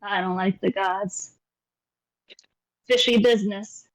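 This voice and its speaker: A woman playing in a casual tabletop role-play, chatty and expressive. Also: mid-range voice, takes it slowly, dry recording, poor audio. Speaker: player.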